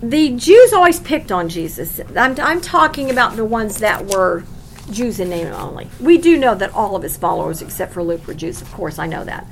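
A woman's voice: mid-range voice, big pitch swings, moderate pace, slight background noise, low-quality recording. A woman teaching a sermon on scripture, emphatic and conversational, asking the listeners questions. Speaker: Bible teacher.

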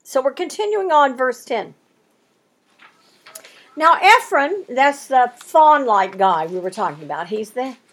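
A woman leads a Bible study with a lively, expressive delivery. Her voice sits high and a little breathy, and it swoops up and down as she acts out both sides of an old bargain. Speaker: Bible teacher. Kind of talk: animated Bible study teaching.

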